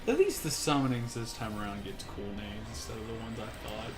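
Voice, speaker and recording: A man's voice: lowish voice, brisk. A young man casually chiming in and joking while a friend plays a game. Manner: joking, chimes in. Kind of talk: casual gameplay commentary. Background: game music.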